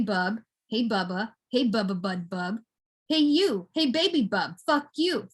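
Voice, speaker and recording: A woman performs her poetry aloud, jumping between high, cooing baby talk and low, muttered asides. Her voice sits a little high, breathy and husky, and her pitch leaps all over the place. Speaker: poet reading her work. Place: at home for an online book launch.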